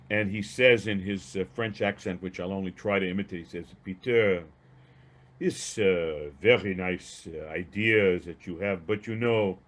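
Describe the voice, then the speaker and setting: A man giving a storytelling lecture on a video call, speaking in an animated, emphatic way with frequent restarts. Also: mid-range voice. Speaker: guest lecturer.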